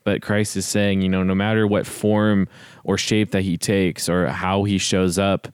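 A man in a relaxed Bible discussion, easygoing and filler-heavy, chuckling as he talks. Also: low-pitched, a little slow, smooth, dry recording, studio quality. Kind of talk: casual Bible study discussion.

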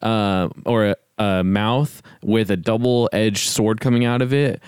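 A man in a relaxed Bible discussion, easygoing and filler-heavy, chuckling as he talks. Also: on the low side, unhurried, smooth, dry recording, clean studio sound. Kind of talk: casual Bible study discussion.

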